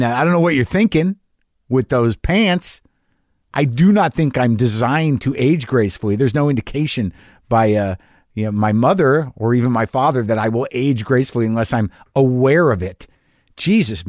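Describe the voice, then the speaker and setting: A man's voice: mid-range voice, darkish tone, no echo, studio quality. A man in his fifties hosting a podcast, talking through a candid, rambling, self-deprecating solo monologue with a lot of swearing. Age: 50s. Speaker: podcast host.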